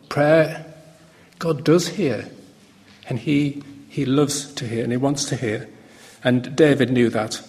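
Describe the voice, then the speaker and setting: A man preaching a sermon in a relaxed, conversational way, often pausing and restarting his sentences. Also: mid-range voice. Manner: conversational, halting with fillers and restarts. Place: church hall. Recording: long hall reverb.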